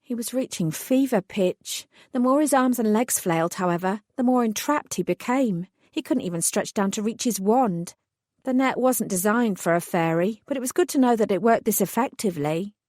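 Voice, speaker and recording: A woman's voice: medium pitch, animated, normal speed, darkish tone, no room sound. A woman narrating a first-person fantasy audiobook in a dry, composed way.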